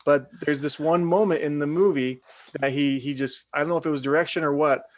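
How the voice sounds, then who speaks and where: A man's voice: a little high, steady tone, a little fast. A man co-hosting a casual film podcast, speaking in a hesitant way with fillers. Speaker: podcast co-host.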